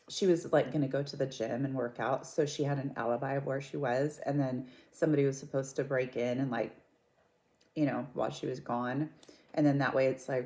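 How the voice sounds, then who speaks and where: A woman vlogger retelling a story to her viewers in a chatty, gossipy way. Her voice is low and mellow, and she talks with relaxed warmth. She reacts freely as she tells it. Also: moderate pace. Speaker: mukbang vlogger. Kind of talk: casual storytelling.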